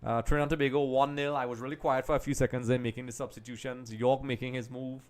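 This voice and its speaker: A man with a mid-pitched voice hosts a live football watch-along in a casual, chatty way, calling his viewers "folks." He stays distracted as he juggles tasks, and his commentary keeps trailing off into quieter mutters and restarts. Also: little pitch movement, fast talker. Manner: distracted, multitasking while commenting.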